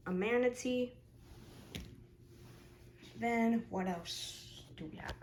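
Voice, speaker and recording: A woman's voice: fairly high pitch, slow, darkish tone, a little hiss or hum, rough recording. A woman in a casual show-and-tell vlog, chatting as she lists her figures one by one with short comments. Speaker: toy collector showing her figures.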